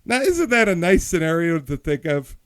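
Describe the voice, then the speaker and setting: A man's voice: on the high side, sing-song, moderate pace, fairly bright tone, smooth. Rambling male podcast host. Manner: rambling storyteller with many restarts and asides. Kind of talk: casual podcast chat.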